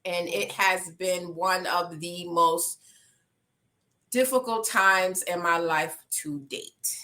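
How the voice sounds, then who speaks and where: Woman coach, bright forceful voice, heartfelt emotional podcast testimony. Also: on the low side, steady tone, slow. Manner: heartfelt, emotional, rising to passionate pleading. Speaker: life coach.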